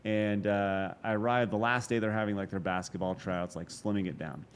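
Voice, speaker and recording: A man in his forties, a guest on a podcast, telling a story with a slightly low voice. He talks in an animated way, swearing freely and breaking off into quick asides and restarts. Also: slight background noise. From Texas. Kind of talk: casual storytelling interview.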